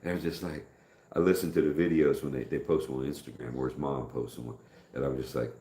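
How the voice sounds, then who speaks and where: A man's voice: a bass voice, quick pace, dark tone. Man from the United States, middle-aged, live stream host, casual storytelling, roomy echo. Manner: rambling storytelling with quoted dialogue. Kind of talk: casual chat. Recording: echoey room.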